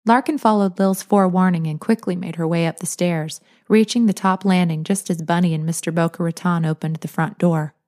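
Calm, low-voiced woman narrating. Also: fairly quick, few pauses. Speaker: audiobook narrator. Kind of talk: scripted narration.

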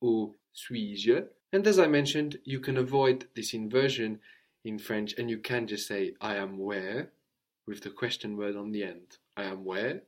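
A man teaching French to a student, explaining slowly and repeating phrases for her to copy. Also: lowish voice. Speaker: language teacher.

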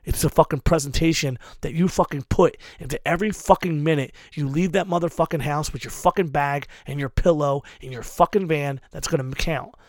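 A man's voice: on the high side, a little fast, few pauses, dry recording, studio quality. Emphatic swearing man, heavy cursing. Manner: emphatic, heavy swearing, drives points hard. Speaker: hardcore show booker. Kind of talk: profane advice rant.

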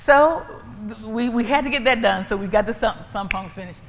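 A woman's voice: on the high side, brisk. A woman preaching and giving a personal testimony in an emphatic, repetitive, conversational way. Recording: echoey hall, faint ambient noise.

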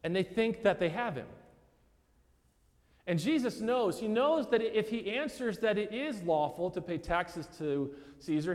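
A man's voice: high-pitched, in a large hall. A male pastor preaching a sermon in a church, explaining a gospel text in a conversational way and talking to his listeners directly as "guys". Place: church sanctuary.

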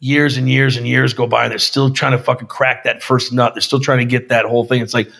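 A man with a husky, slightly rough voice talks in a loose, casual podcast chat. He swears often and keeps tossing in dude and brother as he speaks. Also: mid-range voice, level tone, fairly quick, fairly bright tone. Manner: profane, calls listener dude and brother. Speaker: filmmaker guest.

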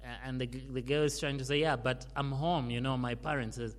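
A man preaching a sermon, stressing his words forcefully and then dropping to hushed phrase endings. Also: medium pitch, moderate pace. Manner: emphatic, swinging from loud stresses to hushed endings. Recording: long hall reverb.

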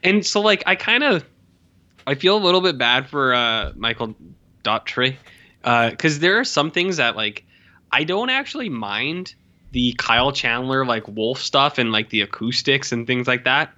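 A man co-hosting a podcast, reviewing a movie in casual, animated talk and swearing freely. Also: mid-range voice, moderate pace, dull audio. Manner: animated, profane, restarts often. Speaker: podcast co-host. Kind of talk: casual film review chat.

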